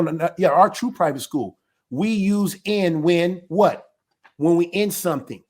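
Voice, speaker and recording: A man with a high-pitched voice talks straight to his livestream viewers. He stresses his points with rhetorical questions and often stops to restart a sentence. He speaks as an elder of a ministry.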